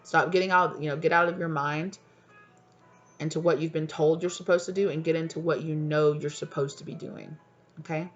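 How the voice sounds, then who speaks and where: A woman tarot reader addresses her viewers directly, keeping her voice deliberately lowered, soft and soothing as she affectionately checks in on them. Her tone is steady, and the muffled recording carries soft background music.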